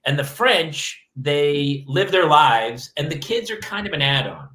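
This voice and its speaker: A man hosting a podcast, telling parenting stories in casual chat with animated, mock-exasperated asides. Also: fairly high pitch, measured pace. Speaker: podcast host. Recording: roomy echo.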